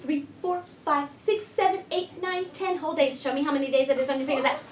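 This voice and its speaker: A woman teacher doing an expressive read-aloud, stopping often to ask her class questions. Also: high-pitched, fast talker, slight background noise. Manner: expressive storytelling, prompting children. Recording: echoey room, voice from far off.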